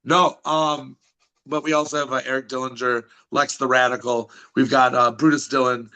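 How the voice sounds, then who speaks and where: A man's voice: medium pitch, little pitch movement, normal speed, pushed and bright, clear, resonant tone, rough recording. A man chatting as a podcast guest, brash and swearing, talking up his wrestling events while losing his voice. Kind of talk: casual chat.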